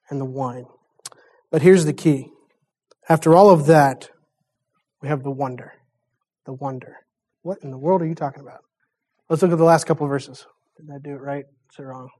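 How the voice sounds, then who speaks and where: A man's voice: a little high, darkish tone. A man preaching a sermon in a conversational way, chuckling often and telling the story with animation.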